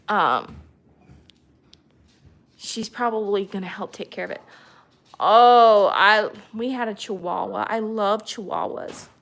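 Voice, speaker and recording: Chatty woman hosting a live stream. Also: mid-range voice. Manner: rambling and chatty with many ums, drifting into soft baby talk with her dogs. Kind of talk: casual live-stream chat. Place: at home.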